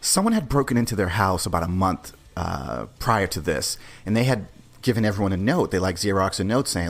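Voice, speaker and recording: A man's voice: low voice, sing-song, brisk, vocal fry. A man hosting a podcast, telling a story in a brash, profane, conversational way. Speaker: podcast host. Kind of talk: casual storytelling.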